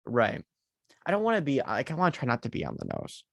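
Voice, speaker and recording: A man co-hosting a podcast in casual chat, relaxed and joking while he pitches story ideas. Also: fast talker, creaky, dry recording. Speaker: podcast co-host.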